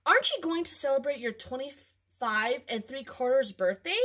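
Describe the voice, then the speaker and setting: A woman's voice: high-pitched, animated, normal speed, a bit bright. A woman voicing a bossy but kind older sister in a storybook reading.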